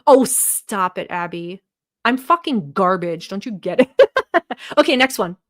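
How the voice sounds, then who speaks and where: A woman's voice: medium pitch, animated, a little slow, no room sound, studio quality. A young woman from the Middle East, English not her first language, giving a casual livestream language lesson in a bubbly, teasing way. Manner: bubbly, teasing, thanks chat often. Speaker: streamer teaching language.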